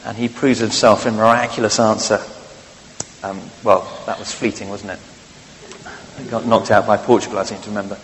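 A man's voice: on the low side, little pitch movement, a little fast, in a large hall, a little hiss or hum, poor audio. A man preaching a sermon, conversational and wry, with frequent fillers.

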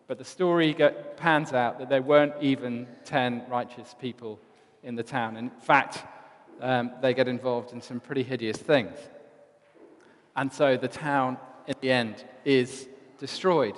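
A man preaching a sermon, retelling Bible stories in a lively storytelling way. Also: medium pitch, unhurried. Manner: storytelling, animated retelling of scripture. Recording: long church reverb.

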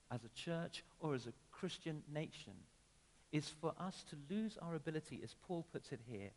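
Preacher guy, kinda high voice, big echoey church hall, chatty sermon. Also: a little mellow. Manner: conversational with emphatic rises and sudden drops. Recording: long reverb of a church hall.

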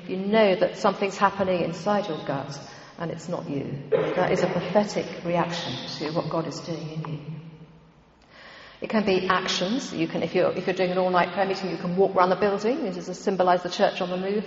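A woman's voice: lowish voice, a little hiss or hum. Woman teaching in an echoey hall. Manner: conversational, meandering, frequent ums and asides. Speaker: church prayer teacher. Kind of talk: informal church teaching talk. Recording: dull, echoey hall recording.

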